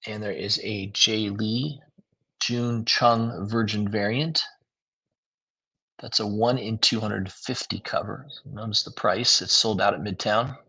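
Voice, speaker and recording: A man's voice: on the low side, fairly even intonation, slow pace, vocal fry, bright, forceful tone, slightly rough. A tired man giving a casual, rambling livestream review of new comics, with lots of fillers. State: tired, yawning.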